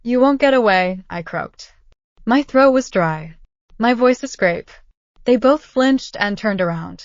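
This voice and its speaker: A woman narrating a dramatic first-person story in a steady reading voice. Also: a little high, takes it slowly, dry recording, dull audio.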